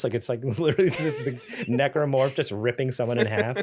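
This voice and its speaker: A man's voice: mid-range voice, quick pace. Young man, podcast co-host, loose rambling storyteller, mid-range voice. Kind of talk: casual chat.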